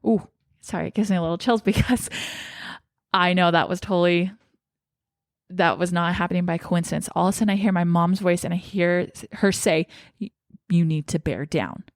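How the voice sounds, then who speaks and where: A woman's voice: on the low side, fairly even intonation, brisk, no echo, clean studio sound. Young woman telling a personal story. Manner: emotional, shaky and tearful at times. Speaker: vlogger.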